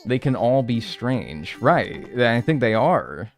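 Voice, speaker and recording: A man with a mid-range voice speaks slowly, faint music behind him, as he provides casual commentary on a live game stream. Animated and meandering, he answers chat messages one after another, swearing and overusing "like."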